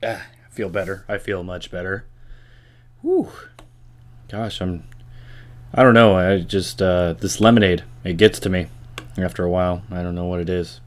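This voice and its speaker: Young guy rambling on his vlog, kinda low voice, talks to himself and jokes around. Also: steady tone, moderate pace, long pauses. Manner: rambling, self-talking, jokey. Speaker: vlog host. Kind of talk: rambling casual monologue.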